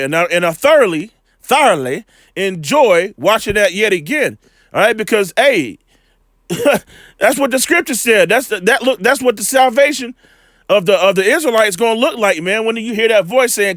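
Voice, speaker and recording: A man giving a loose, slangy scripture lesson, full of fillers and repeated "all right", slowing down when he reads the verses. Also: high-pitched, animated, fairly bright tone, no echo, clean studio sound. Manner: reads scripture slowly and deliberately. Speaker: bible teacher.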